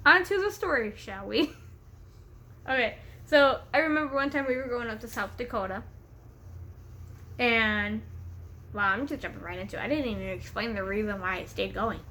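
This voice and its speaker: A young woman vlogs from a room at home where her pet bird lives, telling a rambling story while buzzing on caffeine. Her slightly high voice moves at a moderate pace with long pauses and a sharp edge, and she giggles often, swears freely, and gets sidetracked easily. There's a little background noise.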